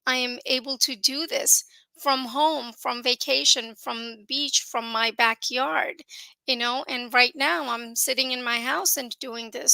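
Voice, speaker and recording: A woman's voice: sits high, creaky, bright, forceful tone, no room sound. A woman giving an earnest testimonial on a video call. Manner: earnest, acts out quoted people. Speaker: business partner giving a testimonial.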